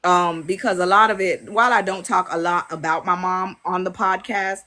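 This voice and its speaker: A woman, hosting a casual podcast chat and telling stories with lively quoted voices. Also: fairly low pitch, moderate pace. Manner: animated storytelling, acts out quotes. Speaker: podcast host. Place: livestream on a social app.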